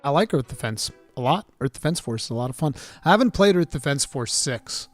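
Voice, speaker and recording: A man hosting a live gaming talk stream, reading chat questions and chatting casually in an animated, rambling way. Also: mid-range voice, fairly quick, no echo, faint music behind. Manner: animated, excitable, rambling with restarts.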